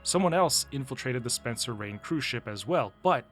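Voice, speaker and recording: A man's voice: mid-range voice, lively intonation, normal speed, fairly bright tone, soft background music. A man narrating a casual, opinionated video game story recap and laughing often. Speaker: gaming video host.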